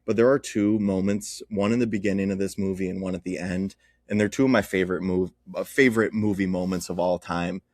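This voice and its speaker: A man's voice: low-pitched, steady tone, a little fast, a little mellow, dry recording, clean studio sound. A young man, a podcast co-host, chatting casually and telling stories with easy laughs. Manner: storytelling, laughs easily. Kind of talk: casual chat.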